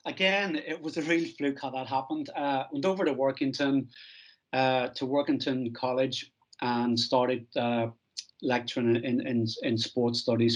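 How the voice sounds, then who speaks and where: A middle-aged man from Northern Ireland, a strength coach telling stories from his career in a relaxed, self-deprecating interview. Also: medium pitch, low-quality recording. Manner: anecdotal, self-deprecating, acts out quoted dialogue.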